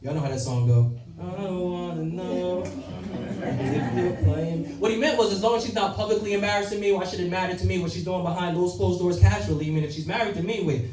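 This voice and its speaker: A man's voice: high voice, racing, hardly any pauses, noisy background. A young man performing rhythmic, rhyming spoken-word poetry with dramatic swings. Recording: roomy echo, mic far off, faint ambience.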